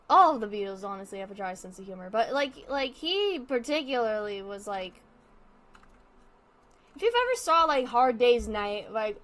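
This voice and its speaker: A woman's voice: a little high, fairly bright tone. A young woman streamer chatting casually while she draws. She rambles, swears freely and laughs often. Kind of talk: casual chat while drawing.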